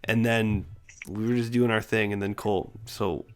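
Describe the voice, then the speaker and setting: A man's voice: fairly low pitch, fairly even intonation, normal speed, clear, resonant tone. A young man co-hosting a podcast, casually recounting an embarrassing story with crude jokes and swearing. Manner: laid-back, crude, joking. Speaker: podcast co-host. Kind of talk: casual chat.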